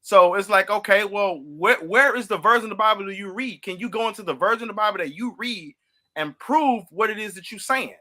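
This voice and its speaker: A man's voice: high voice, brisk, pushed and bright. A man from St. Louis hosting a heated religious debate, pressing his opponent with repeated questions and mocking laughs. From St. Louis, USA. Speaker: podcast host.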